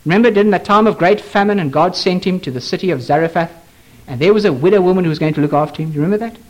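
A man preaching a sermon, earnest and pleading, asking the listener questions directly and slowing down for emphasis. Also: a little mellow, highs cut off. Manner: earnest, pleading, dramatic swings in pitch and pace.

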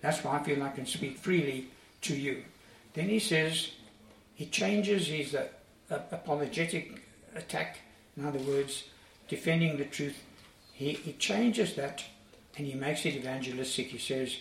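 Earnest preacher with a gravelly voice. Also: male voice, on the high side, a little slow, fairly bright tone. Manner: earnest, emphatic, repeats key phrases. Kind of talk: sermon. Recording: echoey room, distant mic, faint ambience.

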